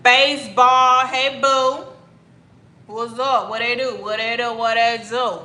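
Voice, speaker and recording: A woman's voice: on the high side, fairly even intonation, takes it slowly, pushed and bright. A woman from Miami casually chatting with viewers on a livestream, greeting them by name and drawing out her words. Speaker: livestream host. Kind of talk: casual livestream chat reading comments. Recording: echoey room.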